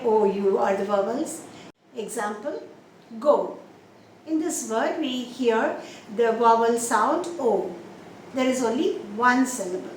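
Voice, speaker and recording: High-voiced woman teaching slowly. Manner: asks questions and answers them herself, repeats example words slowly. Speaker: English teacher. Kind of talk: pronunciation lesson. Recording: echoey room, mic a bit distant, faint noise.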